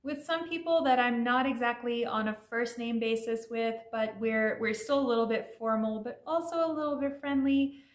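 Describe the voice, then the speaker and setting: A woman's voice: on the high side, steady tone, moderate pace, hardly any pauses, echoey room. A woman teaching learners in a friendly, explanatory way, with casual fillers. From Iranian family. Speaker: language teacher.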